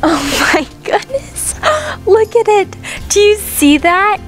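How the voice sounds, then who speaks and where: A woman's voice: very high voice, expressive, takes it slowly, faint music behind. A woman vlogging outdoors in the snow on a homestead with a handheld camera, bubbly and exclamatory, laughing often. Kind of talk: casual vlog narration.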